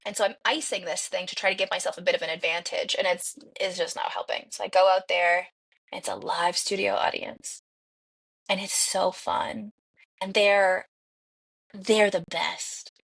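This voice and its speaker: A woman, a podcast guest, telling a story in an animated way and acting out the quoted dialogue. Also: mid-range voice, normal speed, creaky, breathy edge. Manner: acts out quoted dialogue with lively shifts.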